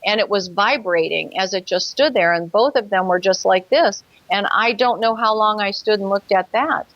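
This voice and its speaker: As a guest on a talk show, a woman earnestly and vividly tells a personal story, with hesitant fillers along the way. Her voice is medium-pitched at a normal speed, and the dry recording has its highs cut off.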